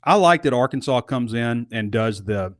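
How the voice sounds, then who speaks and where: A man's voice: medium pitch, lively intonation, moderate pace, dry recording, studio quality. A man hosting a casual sports talk show, talking in a conversational, rambling way with asides.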